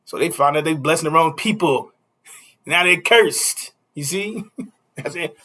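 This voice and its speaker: A man's voice: fairly high pitch, a little slow, bright, forceful tone. A man preaching a casual street sermon, stopping often to ask "you see?" and chuckling between points.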